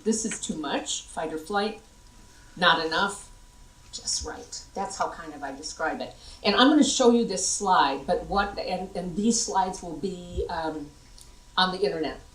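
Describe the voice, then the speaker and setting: A woman's voice: fairly low pitch, distant mic. American woman lecturing in an echoey hall. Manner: lively, demonstrates vocal tones to the audience. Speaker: workshop presenter. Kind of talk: conference workshop talk. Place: large conference hall.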